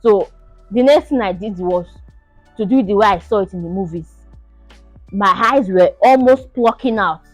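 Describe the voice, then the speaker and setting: A young woman telling her own story to the camera in an animated, casual way, laughing often and acting out the shouts and pleas. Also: mid-range voice, normal speed, pauses often, no room sound, soft background music. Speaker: vlogger sharing her birth story.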